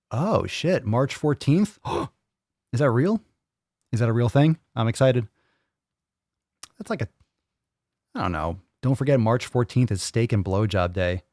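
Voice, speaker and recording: A man's voice: mid-range voice, a little mellow, no room sound, clean studio sound. A man hosting a live fitness Q&A, chatting crudely and joking as he reads viewer comments. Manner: crude, joking, mocks voices of others. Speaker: fitness podcast host. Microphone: studio microphone.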